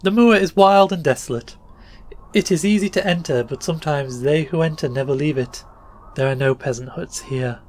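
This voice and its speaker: A man doing a gentle, dreamy young noblewoman. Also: fairly high pitch, normal speed, a little hiss or hum, voice pushed up, natural voice. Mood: gentle, eerie.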